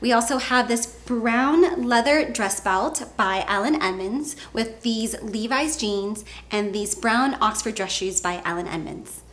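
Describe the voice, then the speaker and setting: A woman's voice: on the high side, measured pace, hardly any pauses, a bit bright. A woman presenting men's outfits in a fashion vlog, upbeat and enthusiastic. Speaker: fashion vlogger.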